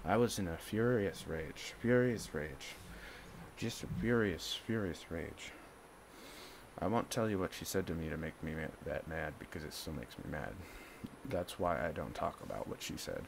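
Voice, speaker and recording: A man speaks straight to the camera in a loose, casual monologue. His voice sits low and gravelly, and he keeps circling back over the same words in an agitated way. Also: lively intonation, normal speed, a little hiss or hum. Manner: agitated, repeats himself. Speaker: vlogger.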